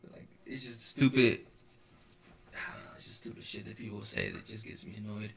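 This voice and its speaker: A man's voice: fairly low pitch, fairly even intonation, brisk, slightly rough. A young man co-hosting a casual podcast chat, rambling at length with lots of swearing and "you know, like" fillers. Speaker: podcast co-host.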